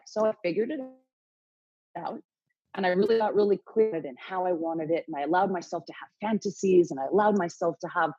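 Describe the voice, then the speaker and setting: A woman in her late forties talks as a podcast guest, low and husky, with a mellow dark tone. She tells her story frankly, swears freely and acts out her own inner dialogue. The sound is dull, lo-fi and dry. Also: a little fast, dry recording. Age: late 40s. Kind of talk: candid interview storytelling.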